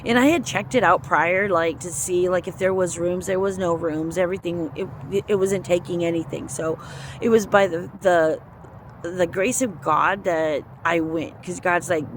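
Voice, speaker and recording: An earnest speaker tells a personal story of faith in a loose, casual ramble, often acting out their own thoughts. The voice sits at a middle pitch. Faint passing vehicles can be heard outdoors. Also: fairly even intonation, measured pace, slight background noise. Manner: earnest, rambling retelling with quoted inner speech. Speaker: storyteller sharing a faith testimony. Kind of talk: casual spoken testimony.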